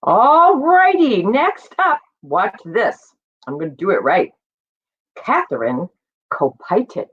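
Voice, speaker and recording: A woman's voice: fairly high pitch, wildly swooping pitch, slow, breathy edge, narrow, tinny audio. A woman hosting an online show, chatting and teasing her guests between acts. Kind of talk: casual chat.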